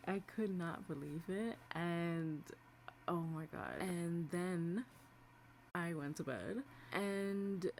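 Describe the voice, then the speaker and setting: Brief: lower-pitched woman, excitable vlog chatter, faint room ambience. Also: a little hiss or hum. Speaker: beauty and fitness vlogger. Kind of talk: casual vlog diary.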